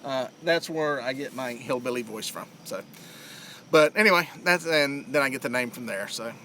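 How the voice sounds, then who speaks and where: A man's voice: medium pitch, moderate pace, background noise. A middle-aged man with a Southern US accent, chatting casually to viewers on a live fishing stream outdoors by a lake, rambling with plenty of fillers. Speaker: fishing livestream host.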